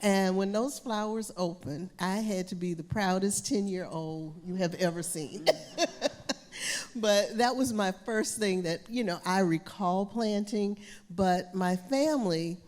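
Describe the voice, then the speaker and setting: A woman's voice: mid-range voice, unhurried, a little mellow. Laughing woman storyteller in a reverberant theater. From South Florida. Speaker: panel guest and gardener. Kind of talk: casual onstage conversation. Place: theater stage. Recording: long hall reverb in a theater.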